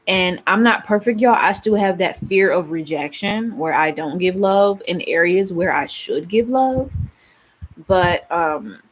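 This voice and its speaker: A woman's voice: on the low side, unhurried. A woman vlogger chatting casually to her viewers, musing and rambling, calling them y'all. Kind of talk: casual chat.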